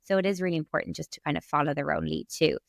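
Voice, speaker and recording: A young adult woman speaking as a podcast guest, easy and reassuring as she explains, with plenty of "you know" asides. Her voice sits fairly low for a woman. The recording is close and dry, with no room sound. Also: fairly even intonation, racing, creaky, dry recording. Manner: chatty, reassuring, full of "you know" fillers. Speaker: speech therapist guest.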